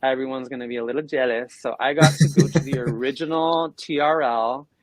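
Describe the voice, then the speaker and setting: A man mid-story on a casual podcast, voice in an ordinary middle register. He brings quoted people to life with lively jumps in tone, and the recording is dry and close. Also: mid-range voice, a little fast, dry recording, poor audio. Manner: animated, acts out quoted voices. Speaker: podcast co-host.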